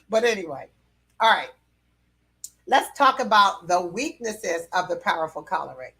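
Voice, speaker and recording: A woman's voice: mid-range voice, animated, measured pace, long pauses, pushed and bright, husky. Woman teaching in a chatty, laughing way. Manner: conversational, with frequent fillers and light laughs. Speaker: personality temperament teacher. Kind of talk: casual teaching talk.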